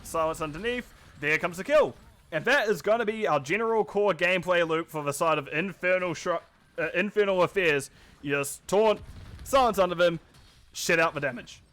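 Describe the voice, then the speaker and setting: A man with a New Zealand accent provides live play-by-play commentary as an esports caster. He speaks at normal speed in a high, slightly bright voice, keeping things chatty and self-deprecating with rambling asides.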